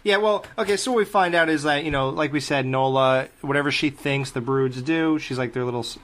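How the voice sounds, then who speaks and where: A man co-hosting a casual film review podcast, swearing freely as he tells stories in an animated way. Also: fairly high pitch, fairly quick, slight background noise. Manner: profane, animated storytelling. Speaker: podcast co-host.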